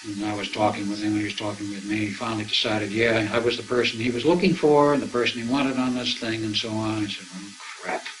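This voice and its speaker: Older man telling a story, low voice. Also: steady tone, fast, hardly any pauses, a bit bright, slight background noise, low-quality recording. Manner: anecdotal, acts out remembered dialogue. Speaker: speaker recounting his experiences. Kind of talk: storytelling to an audience.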